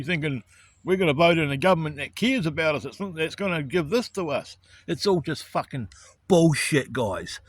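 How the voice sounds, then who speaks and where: A man's voice: fairly high pitch, no room sound. A man, ranting in an angry, profane monologue about righteous indignation. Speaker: vlogger.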